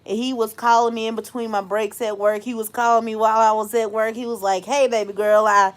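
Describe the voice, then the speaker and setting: A woman's voice: on the high side, flat delivery, quick pace. A woman hosting a live stream, casually telling a story to her chat, laughing often and acting out the voices of people she quotes.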